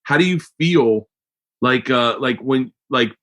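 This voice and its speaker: A man's voice: medium pitch, slow pace, fairly bright tone. An American man hosting a podcast, talking in a rambling, profane way with lots of restarts. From United States. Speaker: podcast host. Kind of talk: casual chat.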